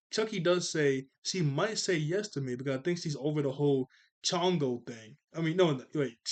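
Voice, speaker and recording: A man in his twenties casually reviewing a cartoon episode, rambling and often correcting himself. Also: on the high side. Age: 20s. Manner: rambling, laid-back, self-correcting.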